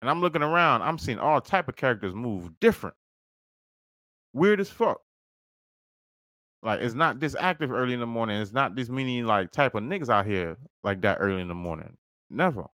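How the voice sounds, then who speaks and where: A man's voice: medium pitch, lively intonation, normal speed, fairly bright tone, no room sound, studio quality. A man hosting a podcast, telling a story casually and profanely, acting out quoted dialogue. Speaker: podcast host.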